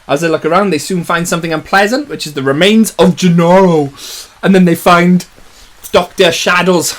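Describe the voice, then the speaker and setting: A man's voice: a little high, fairly even intonation, a little fast. A man casually reading a film script's stage directions in a jokey way. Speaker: YouTuber.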